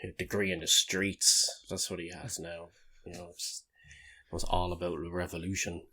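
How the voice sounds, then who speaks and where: A man's voice: low voice, flat delivery, normal speed, pushed and bright, a little hiss or hum. A man co-hosting a podcast in casual chat, making sarcastic comments and swearing freely. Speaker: podcast co-host.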